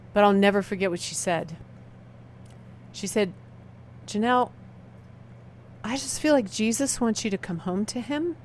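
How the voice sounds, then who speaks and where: A middle-aged woman speaks with quiet intensity, letting long pauses hang between her phrases as she recounts her own past. Her voice sits in a middle register, neither high nor low. A faint background noise runs under the recording. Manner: slow, heavy dramatic pauses, quiet intense delivery. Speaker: motivational speaker. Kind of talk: emotional personal testimony talk.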